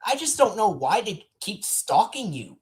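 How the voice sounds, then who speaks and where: A woman's voice: medium pitch, big pitch swings, measured pace, a little mellow, slightly rough. A woman chatting sympathetically as a guest on a casual stream.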